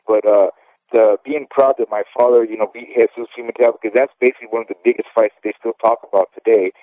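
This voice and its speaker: A man's voice: medium pitch, no room sound. Man in his fifties over a tinny phone line. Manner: candid and rambling, often tags "okay?". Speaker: interview guest, former boxer. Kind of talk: casual phone interview.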